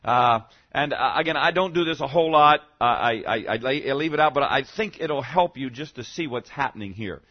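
A man's voice: mid-range voice, animated, a little fast, lo-fi sound. A male pastor preaching a teaching sermon in a conversational way, often checking in with the congregation and punching key words for emphasis.

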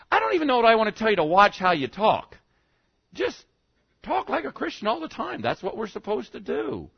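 A man's voice: on the high side, lo-fi sound. A male pastor giving a rambling, conversational sermon, full of rhetorical questions and repeated "okay?" checks with the congregation. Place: church service.

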